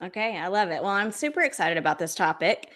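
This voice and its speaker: A woman's voice: medium pitch, big pitch swings, fast, a bit bright. A woman hosting a podcast, upbeat and chatty while interviewing a guest. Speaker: podcast host.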